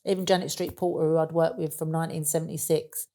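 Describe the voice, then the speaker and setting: Deep-voiced and mellow, she speaks fast in a level tone. She's a sixty-something Cockney interviewee spinning stories in relaxed, chatty talk, full of fillers like "and that."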